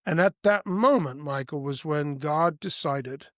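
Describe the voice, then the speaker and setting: A man in his fifties tells his story as a podcast guest, with emphasis that keeps rising and falling. His voice sits a little high for a man. The sound is dry and close. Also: unhurried, no room sound. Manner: emphatic, breaks into high loud voices when quoting.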